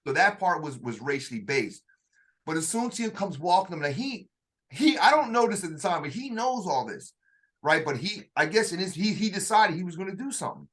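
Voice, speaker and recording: An author with a somewhat high voice tells a story from his own life in relaxed conversation. His delivery is halting, with frequent restarts and searching for words, and he slips into the voices of the people he quotes.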